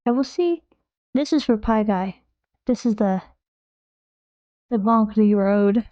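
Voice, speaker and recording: A woman's voice: mid-range voice, takes it slowly, warm tone, dull audio. A young woman streamer chatting casually while painting, playful and swearing freely.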